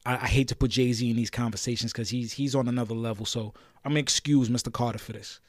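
A man's voice: steady tone, quick pace, no room sound. Fired-up Brooklyn man ranting on a podcast. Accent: New York. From Brooklyn, New York. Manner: fired-up, challenging, shouting out names, swings between loud and low. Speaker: podcast host. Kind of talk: impassioned solo podcast rant.

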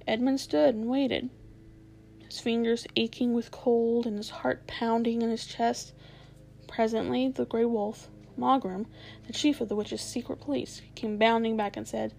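A woman reading a children's novel aloud in a measured, expressive way. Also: a little high, creaky, poor audio. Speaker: storyteller.

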